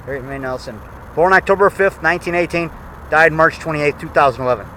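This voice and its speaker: A man's voice: fairly high pitch, quick pace, sharp tone, slight background noise, rough recording. A man in his fifties from the Chicago area, giving a rambling, digressive monologue in a cemetery, full of fillers and restarts, recorded on a handheld camera mic. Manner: digressive, talks in fragments with fillers and self-corrections. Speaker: vlogger. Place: outdoor cemetery.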